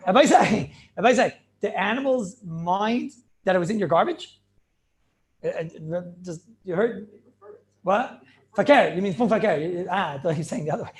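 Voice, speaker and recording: In a lively Talmud class, a rabbi teaches in an animated, chatty manner, firing off questions and laughing often. His high voice swings widely in intonation at a normal speed, and he stumbles over repeated words as he restarts his thoughts.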